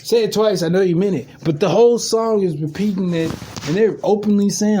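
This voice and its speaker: A man's voice: high-pitched, brisk, mellow, slight background noise. A man riffing alone on his podcast, rambling, repeating himself, laughing often and cursing freely. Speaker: podcast host. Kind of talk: casual podcast monologue.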